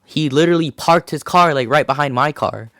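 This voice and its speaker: A man's voice: fairly high pitch, a little fast, fairly bright tone, no echo, clean studio sound. A man hosting a casual show, telling a rambling, profane story with restarts and laughs. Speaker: host.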